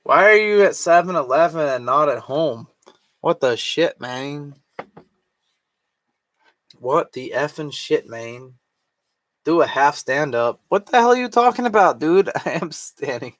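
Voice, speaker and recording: Drunk swearing man, slow and slurry. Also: fairly high pitch, fairly bright tone. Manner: slurry, swearing, laughing to himself. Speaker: streamer. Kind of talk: drunk casual livestream chat.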